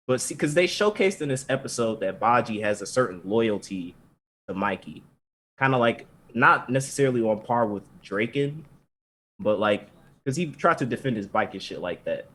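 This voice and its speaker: A man co-hosting a podcast, casually recapping an anime episode in an animated, profane, rambling way. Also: mid-range voice. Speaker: podcast co-host.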